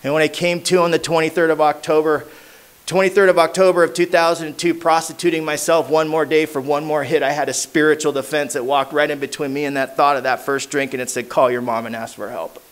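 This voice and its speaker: A man's voice: little pitch movement, quick pace, smooth. A man with a Southern Californian accent telling his recovery story at a meeting in street slang, acting out the voices of people in it. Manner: street slang, lots of "man" and "you know what I mean"; acts out voices with big jumps in pitch and loudness. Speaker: AA meeting speaker.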